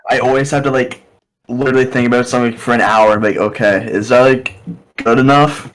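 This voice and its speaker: Laid-back podcast co-host, mid pitch. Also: male voice, steady tone, brisk, slight background noise, low-quality recording. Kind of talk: casual chat.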